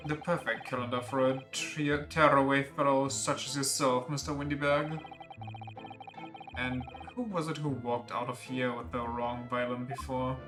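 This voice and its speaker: A streamer voicing a fussy shopkeeper pawnbroker in a measured, precise way while reading game dialogue. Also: medium pitch, sharp tone.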